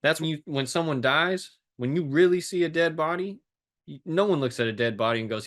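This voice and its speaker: A man's voice: a little high, fairly quick, a bit bright. A man who coaches fitness and life, talking intensely and emotionally in a podcast conversation, with blunt street phrasing and the odd swear word.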